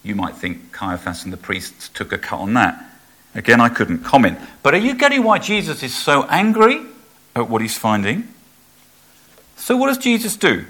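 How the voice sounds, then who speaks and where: A man's voice: medium pitch, huge pitch swings, moderate pace, bright, forceful tone. A man preaching a sermon in a conversational way, asking his listeners rhetorical questions.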